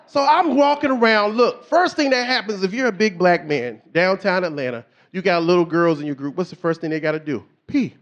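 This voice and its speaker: A middle-aged man does stand-up on a club stage, his voice sitting high and moving fairly quickly with few pauses. He tells stories animatedly, shifting his voice to act out the people he quotes.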